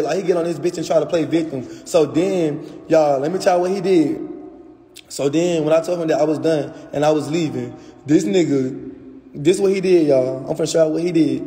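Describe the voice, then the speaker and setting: A man's voice: on the high side, fairly even intonation, a little fast, mellow. A young man venting angrily on a phone livestream, cursing as he talks to his viewers. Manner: angry, profane ranting to viewers. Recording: echoey room with long reverb.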